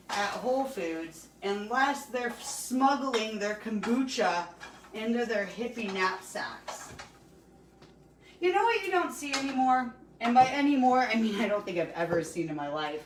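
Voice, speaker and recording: A woman's voice: a little high, noisy background. A woman hosting a casual cooking show in her home kitchen, rambling, swearing and laughing as she cooks. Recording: roomy room, mic at a distance.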